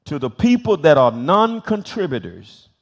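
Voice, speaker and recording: An older man preaches at a mid-week Bible study in a church. His voice sits a little high for a man. He tells stories and acts out what other people said, and he often repeats a phrase for emphasis. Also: wildly swooping pitch, normal speed, creaky. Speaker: bishop and senior pastor. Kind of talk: sermon-style Bible teaching with stories. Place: church sanctuary.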